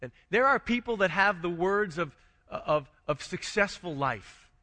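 A man's voice: high-pitched, animated, measured pace, bright, forceful tone, big-room sound. A man preaching a conversational sermon as a pastor, asking rhetorical questions and restarting his phrases.

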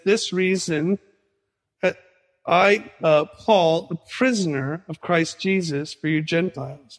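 A male pastor preaching a sermon in an animated way, acting out conversations as he teaches. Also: fairly high pitch, long reverb tail. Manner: animated preaching, acts out dialogue with Jesus.

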